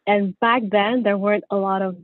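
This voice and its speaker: A woman in her forties, a guest in a podcast interview, telling her story in a measured way with some fillers. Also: mid-range voice, steady tone, no echo. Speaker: guest, car dealership general manager. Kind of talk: interview answers. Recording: dry, phone-like remote line.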